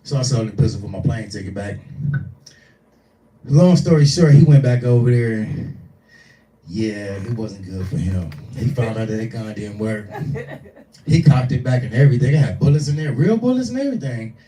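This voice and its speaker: A man in his forties doing live stand-up, telling a profane, animated story and acting out the voices in it. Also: mid-range voice, moderate pace, slight background noise. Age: 40s. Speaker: stand-up comedian. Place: small live venue. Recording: echoey room, distant mic.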